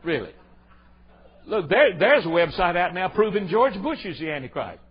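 A man preaching a folksy, emphatic sermon, jumping from loud exclamations to low asides. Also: very animated, normal speed, husky. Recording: dull lo-fi sermon recording.

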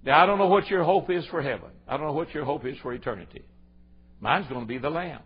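Folksy preacher, lo-fi recording. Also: male voice, fast, slight background noise. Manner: folksy and emphatic, swings between loud exclamations and low asides. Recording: dull lo-fi sermon recording.

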